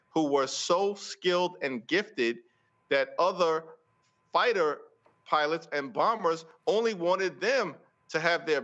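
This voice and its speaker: A man giving forceful political commentary on a talk show, stacking repeated phrases for emphasis. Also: a little high, highs cut off. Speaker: congressional leader interviewed as guest.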